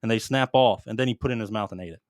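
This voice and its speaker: A man's voice: fairly low pitch, very fast, dry recording, clean studio sound. Foul-mouthed man telling war stories. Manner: swears constantly, animated storytelling. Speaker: podcast co-host, military veteran. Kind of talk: casual profane storytelling.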